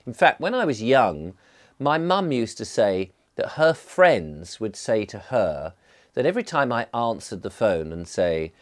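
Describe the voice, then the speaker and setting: Low-pitched English man, near-posh southern accent, groggy from a cold, genial rambling vlogger. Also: very animated, a little slow. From England. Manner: rambling, genial, well-enunciated. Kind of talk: sit-down vlog chat. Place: indoors, seated.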